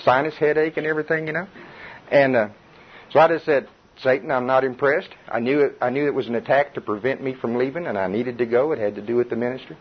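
A middle-aged man preaching to a Bible study group in a lively, conversational way, with chuckles and repetition. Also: medium pitch, fast talker, a little hiss or hum. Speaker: pastor. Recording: dull muffled recording.

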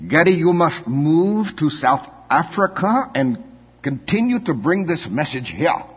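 A man voicing a big barrel-chested Afrikaans man with a heavy accent who makes generous, insistent offers. His voice is husky. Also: a little high, big pitch swings, measured pace, voice pushed up, full character voice. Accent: heavy Afrikaans-accented English. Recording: dull echoey hall.

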